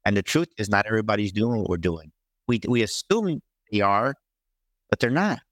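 A man who works as a motivational speaker, telling an animated personal story as a guest and acting out what others said. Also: lowish voice, normal speed, no room sound, clean studio sound. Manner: animated, acts out quoted voices. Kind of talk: storytelling in an interview.

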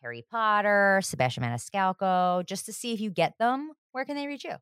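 A woman co-hosting a podcast, joking around in a casual chat with vocal fry. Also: mid-range voice, expressive, fairly quick, fairly bright tone, dry recording, clean studio sound. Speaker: podcast co-host.

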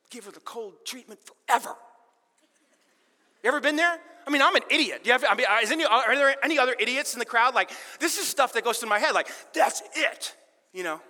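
Man, middle-aged pastor, sermon, high bright voice, self-deprecating, loud then hushed, big echoing church hall. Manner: animated, self-deprecating, shifts between loud emphasis and quiet intimacy. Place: church auditorium with live audience. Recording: reverberant large hall.

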